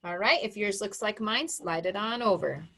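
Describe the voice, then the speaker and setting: A woman teaching a phonics lesson to young children, sounding words out slowly and emphatically and praising their work. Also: mid-range voice, bright, forceful tone. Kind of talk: slow, exaggerated phonics dictation for young children.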